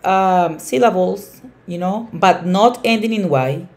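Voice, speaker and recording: A woman teacher explaining grammar emphatically, often repeating key words and slowing down on examples. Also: fairly low pitch, a little mellow. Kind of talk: bilingual classroom explanation.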